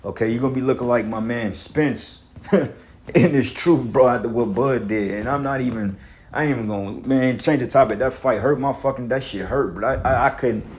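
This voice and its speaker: A man's voice: medium pitch, normal speed, a little mellow. A man teaching scripture on a livestream, ranting heatedly and profanely, tagging lines with fillers. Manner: repetitive fillers, frequent "man". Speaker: preacher.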